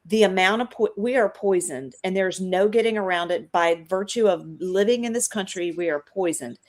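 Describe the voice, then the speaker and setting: A woman's voice: mid-range voice, moderate pace. A woman in her fifties, a guest on a live video call, speaking earnestly and persuasively with a preachy edge. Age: 50s. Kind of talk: casual interview chat.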